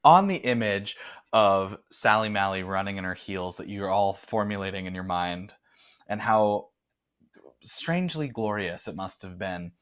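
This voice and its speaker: A man's voice: low voice, a little slow, a bit bright, clean tone. A man narrating a tabletop horror game as game master, improvising with fillers and restarts. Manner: rambling, improvising with fillers and laughs.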